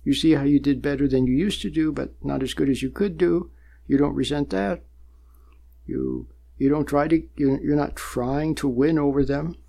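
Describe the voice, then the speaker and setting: A man's voice: fairly high pitch, normal speed, gravelly, mellow. A man giving a spoken talk about meditation on a program, in a conversational, repetitive way with frequent chuckles. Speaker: meditation teacher.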